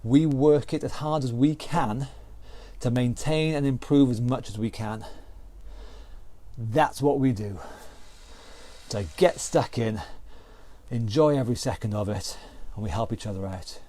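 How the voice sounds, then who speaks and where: A man's voice: medium pitch, a little slow, dark tone. A man with a British accent leading an online exercise class, counting down rounds and calling out moves with encouragement. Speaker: fitness instructor.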